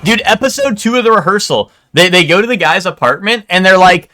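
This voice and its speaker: A man's voice: high-pitched, animated, fairly quick, hardly any pauses, bright, forceful tone. A young man streaming a game live, rambling and joking with crude banter to his chat. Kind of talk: casual live gameplay chat.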